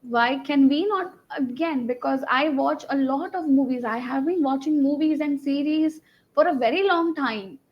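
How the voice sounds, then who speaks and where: High-voiced Indian woman correcting English. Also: normal speed, highs cut off. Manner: corrective, firm, explains patiently. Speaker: English conversation trainer. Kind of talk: online one-on-one English lesson.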